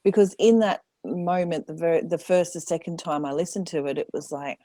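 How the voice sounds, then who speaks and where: A woman with a very low voice talks candidly as a podcast guest. She acts out her own inner thoughts and laughs often, and the sound is close and dry. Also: moderate pace, dark tone, no room sound. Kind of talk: casual conversation.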